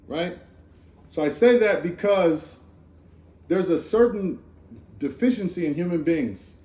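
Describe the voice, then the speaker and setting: Animated man preaching in an echoey room. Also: high-pitched, measured pace, long pauses. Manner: animated, conversational, slangy with asides. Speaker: speaker giving a Torah talk. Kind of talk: informal sermon. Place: Sukkot gathering in a room.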